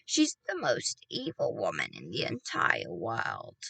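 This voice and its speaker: A woman voicing an old grandmother who speaks slowly and tenderly in a deep, low voice. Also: wildly swooping pitch, vocal fry, husky, dry recording, exaggerated voice. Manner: slow, low and warm-hearted.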